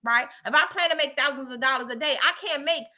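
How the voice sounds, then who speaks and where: Woman, middle-aged, high bright voice, animated preachy storyteller, emphatic repeats. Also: fast talker. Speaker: motivational speaker. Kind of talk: motivational storytelling talk.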